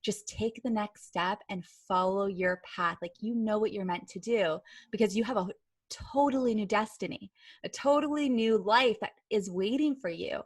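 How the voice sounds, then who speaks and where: A woman's voice: mid-range voice, normal speed, slightly rough, dry recording. A woman guest on a podcast, telling a personal story in a chatty way, full of filler words. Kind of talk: storytelling in a casual interview.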